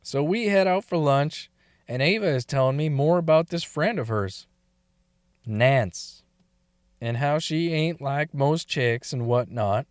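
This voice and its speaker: Crude male storyteller, fairly high voice, dry close recording, laughs through his lines. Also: measured pace, no room sound. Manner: profane, laughs often. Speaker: story reader. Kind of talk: crude first-person storytelling.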